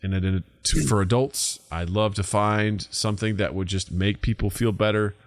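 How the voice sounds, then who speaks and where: A man's voice: fairly low pitch, moderate pace, no room sound. A man in his thirties co-hosting a podcast, telling stories casually and acting out what people say, with plenty of swearing. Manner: animated storytelling, acts out quoted voices, swears freely. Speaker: podcast co-host. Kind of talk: casual chat.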